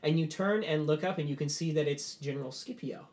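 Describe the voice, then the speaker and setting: A man's voice: a little high, a little fast. Game master man, casual and chatty. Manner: filler-heavy, relaxed narration. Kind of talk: narrating a tabletop game.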